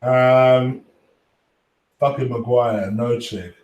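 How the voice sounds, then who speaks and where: A man hosting a casual fan live stream, reading chat, swearing freely and giving shout-outs to viewers. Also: medium pitch, steady tone, very slow, distant mic, muffled recording. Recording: echoey room, voice off-mic at times.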